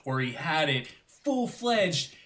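A man co-hosting a casual podcast chat, jokey and quick to jump in. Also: a little high. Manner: animated, jokey, quick interjections. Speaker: podcast co-host.

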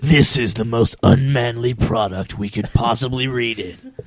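A man jokes and teases his friends through a casual review chat. His voice sits at a middle pitch. The sound is dry and close, with no room echo. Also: moderate pace. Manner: joking, teasing.

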